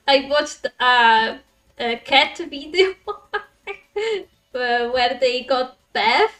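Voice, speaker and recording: A woman streamer chatting casually with her viewers while she plays, excitable, laughing often and swearing when frustrated. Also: sits high, extremely slow, far from the mic. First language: Italian. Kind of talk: casual live-stream chat while gaming.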